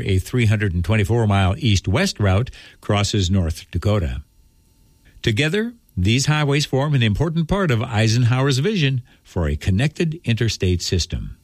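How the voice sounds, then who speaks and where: A man hosting a short radio history segment, reading a script in a measured, even way. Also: on the low side, no room sound, studio quality.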